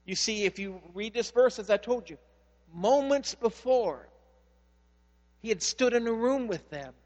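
Preaching with lively intonation at an unhurried pace, a high-voiced male pastor weaves stories into his sermon and moves from loud emphasis to near-whispers. His voice echoes through a long hall reverb over a faint mains hum, and the high frequencies are cut off.

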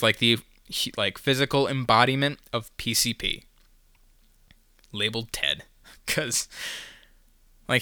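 Young dude swearing his way thru a podcast story, crisp voice, bright tone. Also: medium pitch, dry recording, studio quality. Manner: profane, rambling, self-mocking. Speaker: solo podcast host. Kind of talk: casual rambling storytelling.

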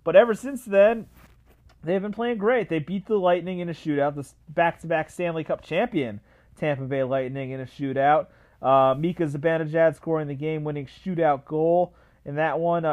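A young man hosting a solo sports podcast, ranting with animated repetition and frequent fillers. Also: fairly high pitch, dull audio. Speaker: podcast host.

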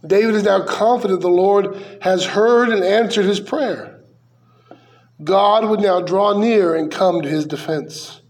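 A man's voice: high voice, a little slow. A man, likely a pastor, preaching a verse-by-verse sermon in a conversational way, with rhetorical questions and dry asides.

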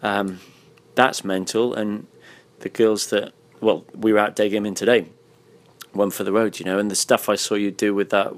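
A man's voice: on the low side, level tone, normal speed. A man hosting a casual interview, blunt and swearing freely, his voice tired. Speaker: podcast host. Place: hotel room.

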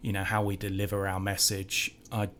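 A man appearing as a podcast guest, speaking in a measured, storytelling way. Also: low voice, monotone, a bit bright, a little hiss or hum. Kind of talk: casual podcast conversation.

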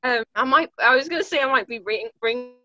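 A woman's voice: on the high side, a little fast, bright, forceful tone, dull audio, faint music behind. A young woman co-hosting a podcast, chatting casually in an emotional, giggly, dramatic way. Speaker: podcast co-host. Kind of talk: casual chat.

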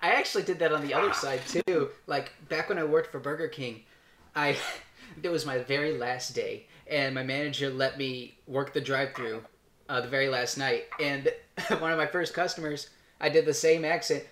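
A woman's voice: very deep voice, steady tone, moderate pace, a bit bright, a little hiss or hum. A woman co-host in a casual group chat, laughing often while telling funny stories.

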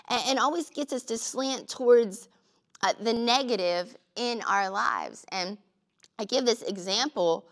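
A woman's voice: on the high side, measured pace. A middle-aged woman teaching a morning devotional in a chatty, storytelling way with touches of humor.

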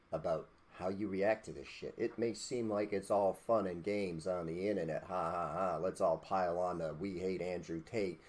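A man hosting a podcast, his voice sitting very low and deep. He rants bluntly and preachily in a casual way. He swears mildly and checks in with "okay?" often. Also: darkish tone. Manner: blunt, preachy, mild cursing, repeated "okay?". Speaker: podcast host. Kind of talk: casual opinion rant.

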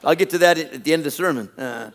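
A pastor preaching a sermon, repeating his phrases and stressing them with rising emphasis. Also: on the high side. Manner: reads a list slowly and deliberately.

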